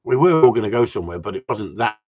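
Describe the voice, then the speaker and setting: Husky man ranting on a live stream. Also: fairly low pitch, quick pace, highs cut off. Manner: animated storytelling with frequent swearing. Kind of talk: casual ranting chat.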